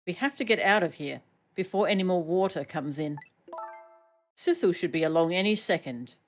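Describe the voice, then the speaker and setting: A woman reading a calm caring young woman. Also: lowish voice, normal speed, faint music behind, close to an everyday voice.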